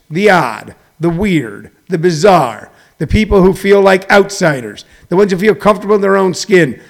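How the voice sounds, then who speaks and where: A middle-aged man hosting a show, delivering a rambling comedic monologue that swings between loud, preachy emphasis and low muttering. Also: gravelly. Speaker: show host.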